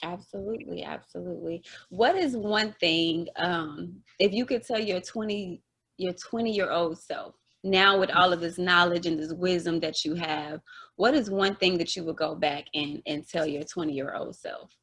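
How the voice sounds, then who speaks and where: A woman's voice: on the low side, normal speed, fairly bright tone, husky. A woman in her thirties hosting a podcast interview, talking casually and a little hesitantly with fillers and restarts. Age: 30s. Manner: hesitant, self-described tongue-tied, many fillers. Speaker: podcast host.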